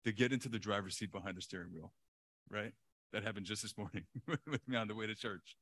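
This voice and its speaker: A male pastor preaching a sermon in an animated way, chuckling often and repeating words for emphasis. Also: fairly low pitch, a little fast, slight background noise.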